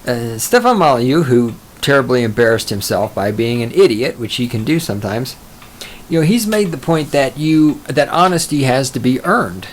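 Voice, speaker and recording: A man's voice: medium pitch, lively intonation, moderate pace, slight background noise. A man hosting a solo podcast, rambling and profane, mocking himself as he goes off topic. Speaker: podcast host.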